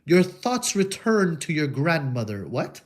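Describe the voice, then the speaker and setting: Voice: medium pitch, very animated, a little slow. Casual puzzle-walkthrough streamer: rambling, goofy, jokey, reads game text aloud. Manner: goofy, rambling, crude wordplay jokes.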